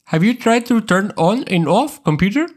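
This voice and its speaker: A man's voice: high-pitched, lively intonation, normal speed, voice pushed up. A man putting on an Indian accent to play a male tech support agent reading a formal, clipped phone script.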